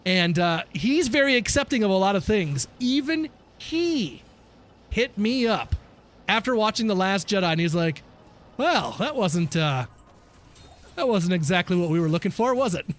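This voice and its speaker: High-voiced ranting male game streamer. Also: very animated, normal speed, a bit bright. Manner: ranting, swears often, laughs at himself; reads and answers chat while playing. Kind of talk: casual live-stream chat.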